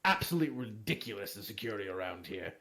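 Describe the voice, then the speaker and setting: A man voicing a gruff older military lord who is blunt, contemptuous and swears freely. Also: on the low side, lively intonation, fast talker, fairly bright tone, voice pushed down. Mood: indignant.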